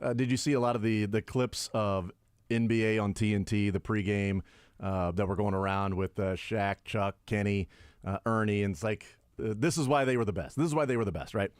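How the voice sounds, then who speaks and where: A man hosting a sports radio show, chatting casually and retelling stories with lively energy. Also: a little fast, smooth, dry recording. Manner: animated storyteller, acts out quotes with big pitch jumps.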